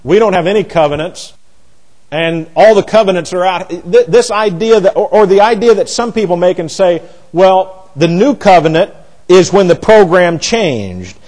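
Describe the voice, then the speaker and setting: A man's voice: moderate pace, poor audio. A man preaching an expository Bible sermon, emphatic, with rhetorical questions and repeated words. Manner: animated pitch jumps for emphasis. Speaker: pastor.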